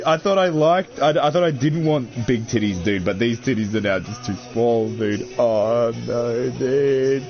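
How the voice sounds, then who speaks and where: A man's voice: on the low side, measured pace, darkish tone. A young man, chatting casually and crudely while unboxing, swearing a lot and calling everyone dude and bro. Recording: dull lo-fi audio with faint music.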